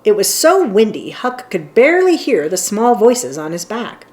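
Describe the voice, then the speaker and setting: A woman reading a children's chapter book aloud, gentle and expressive. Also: mid-range voice, moderate pace. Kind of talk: storybook read-aloud narration.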